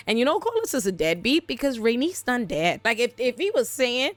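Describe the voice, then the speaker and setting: A woman hosting a casual TV recap, talking in an animated, profane and emphatic way. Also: on the high side, fairly quick, hardly any pauses, dry recording, soft background music. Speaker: host.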